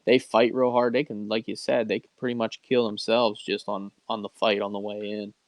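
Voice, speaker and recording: A man telling a fishing story in a relaxed, casual chat, laughing along as he goes. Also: on the low side, fairly quick, no echo. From Pennsylvania. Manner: laid-back, swears, laughs at his own story. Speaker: podcast guest. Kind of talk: casual storytelling around a fire.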